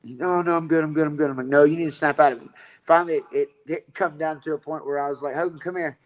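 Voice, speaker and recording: A man's voice: fairly high pitch, fairly even intonation, fast talker, low-quality recording. A man telling a rambling, profane story about fighting and coaching in a casual interview.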